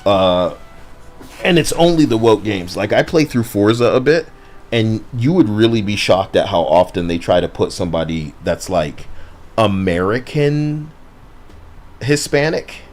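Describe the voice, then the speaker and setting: A man's voice: on the low side, very animated, unhurried, a little mellow. A young man casually commenting on a game stream, rambling and talking to his chat. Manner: rambling, apologetic, talks to chat.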